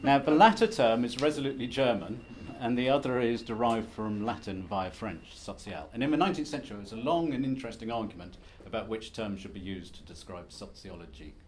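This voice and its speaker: A man's voice: medium pitch, a little fast, hardly any pauses, a little hiss or hum. A man giving a conference presentation as an academic, lecturing in a wry, self-deprecating, conversational way. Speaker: academic speaker.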